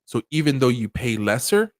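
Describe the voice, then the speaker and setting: A man hosting a commentary channel, talking casually in an animated, profane way and often laughing. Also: medium pitch, normal speed, no room sound, clean studio sound.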